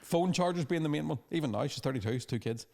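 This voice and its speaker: A young Northern Irish man, co-hosting a comedy podcast, telling stories in a lively, swearing way. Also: a little high, fast talker, vocal fry. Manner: animated storytelling with profanity and put-on quoted voices. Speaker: podcast co-host and stand-up comedian. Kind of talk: casual comedic chat.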